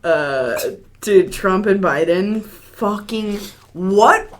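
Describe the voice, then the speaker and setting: A woman's voice: mid-range voice, very slow, noisy background. A young woman co-hosting a casual podcast, laid-back and often chiming in with short agreements. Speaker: podcast co-host.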